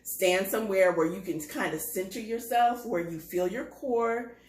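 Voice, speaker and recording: A woman co-hosting a casual talk, calmly explaining a breathing practice step by step. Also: medium pitch, moderate pace, echoey room, low-quality recording. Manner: calm, instructive, steady. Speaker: co-host. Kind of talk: casual chat on mindfulness.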